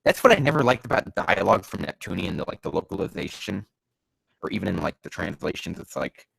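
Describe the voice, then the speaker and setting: A man's voice: low-pitched, big pitch swings, quick pace, gravelly, no room sound. A man reading bad fanfiction aloud and tearing into it with profane, exasperated commentary, his nose stuffy from allergies. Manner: sarcastic, profane, exasperated, erupting into yells. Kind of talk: ranting comedic commentary.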